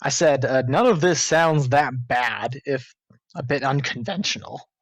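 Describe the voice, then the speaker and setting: A man's voice: medium pitch, a little slow, dry recording. A man playing a tabletop game, speaking in a dry, matter-of-fact way. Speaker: player.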